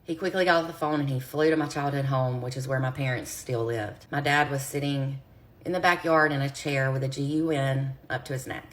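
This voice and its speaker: Woman, low voice, earnest storyteller talking straight to her followers on a phone video. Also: steady tone, a little fast. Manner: earnest, direct, speaks straight to viewers. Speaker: true crime creator. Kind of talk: personal storytelling to camera.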